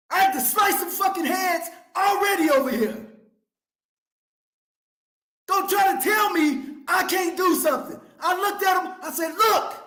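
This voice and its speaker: A man's voice: extremely high pitch, bright, forceful tone, reverberant. A male financial coach hosting his show, delivering a fiery, profane motivational rant with a preacher-like cadence. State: fired up.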